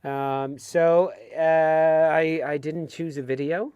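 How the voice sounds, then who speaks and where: A man's voice: fairly high pitch, steady tone, slow, a little mellow, muffled recording. A middle-aged American man co-hosting a football fan show, chatting casually and laughing often over a video call. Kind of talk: casual chat.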